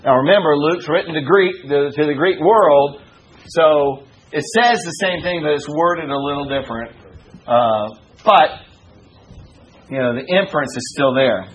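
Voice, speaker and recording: A man teaching a Bible study in a folksy, joking way, full of "you know" and shifts between raised preaching and low asides. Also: a little slow, slightly rough, poor audio.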